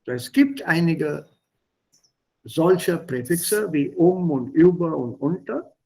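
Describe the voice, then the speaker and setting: A man leads an online German lesson, patiently explaining and repeating words for his students. His voice is slightly husky and sits a little high, moving up and down with lively emphasis. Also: slow, low-quality recording. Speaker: German teacher.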